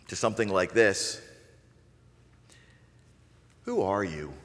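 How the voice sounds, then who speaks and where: A man preaching a sermon as pastor, acting out questions with shifting inflection and many fillers. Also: mid-range voice. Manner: lively, acts out questions with varied inflection. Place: church sanctuary. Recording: long church reverb.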